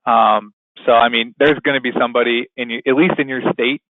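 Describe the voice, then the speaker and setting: A man hosting a webinar in a casual, rambling way, filling pauses with "you know". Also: mid-range voice, fairly even intonation, noisy background. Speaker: webinar host. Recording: tinny phone-line sound, dry.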